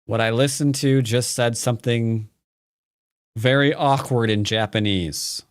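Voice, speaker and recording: A man's voice: mid-range voice, unhurried, clean tone, no room sound, studio quality. A man teaching Go on a live stream, talking casually and playfully, joking with his chat and rambling with fillers and restarts. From United States.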